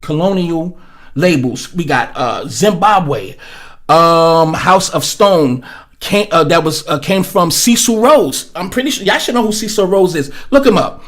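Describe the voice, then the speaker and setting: Male stream host, high voice, profane rambling rant, webcam mic. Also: lively intonation, unhurried, fairly bright tone. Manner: blunt, profane, rambling with many fillers. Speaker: livestream host. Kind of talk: profane ranting commentary. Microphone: webcam setup.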